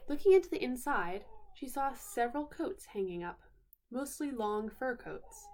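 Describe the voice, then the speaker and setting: A woman's voice: on the high side, expressive, darkish tone. Woman reading a bedtime story aloud. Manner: unhurried, pausing to explain words.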